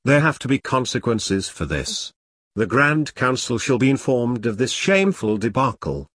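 A man's voice: mid-range voice, very animated, moderate pace, fairly bright tone, slightly rough, dry recording, studio quality. A man voicing a pompous, furious leader of a secret order who barks insults. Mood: raging. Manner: ranting, barking insults.

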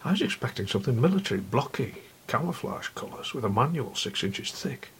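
A man's voice: medium pitch, big pitch swings, a little fast, a little hiss or hum. A man reading a first-person literary story in a wry, intimate way, often dropping to a whisper.

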